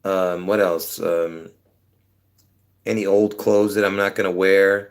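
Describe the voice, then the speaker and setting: A man's voice: sits low, steady tone, slow, clean tone. A man rambling casually to his viewers on a livestream from his apartment, trailing off with many fillers. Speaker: livestream host.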